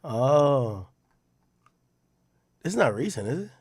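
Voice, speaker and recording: A man's voice: medium pitch, big pitch swings, takes it slowly, darkish tone, slightly rough, dry recording, studio quality. A man streaming live, reading posts aloud and muttering his reactions to himself, rambling and swearing freely.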